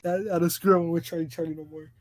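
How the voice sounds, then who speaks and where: His voice is on the high side with little pitch movement, and he races along. As a podcast co-host in a casual chat, he tells a rambling story, stumbling over restarts and laughing frequently.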